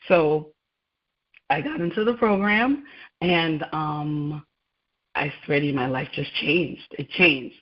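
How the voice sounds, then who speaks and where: A woman's voice: low voice, slow pace, long pauses. A woman guest on a radio interview, telling her story with animation, laughing often and acting out dialogue. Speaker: guest, laboratory scientist. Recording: muffled lo-fi sound.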